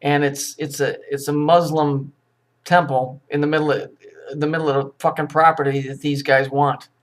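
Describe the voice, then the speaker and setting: A man ranting through a crude, mocking commentary on news clips. His voice sits a little high for a man, and he swears freely and jeers with sarcasm. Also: level tone, normal speed.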